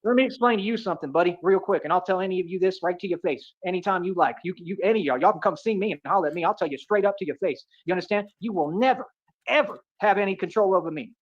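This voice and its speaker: A man from delivers a rapid, swaggering rant. He keeps circling back to the same boasts and pet phrases. The audio is muffled and lo-fi. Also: sits high. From Atlanta, United States. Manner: boastful, repetitive, keeps saying "real talk".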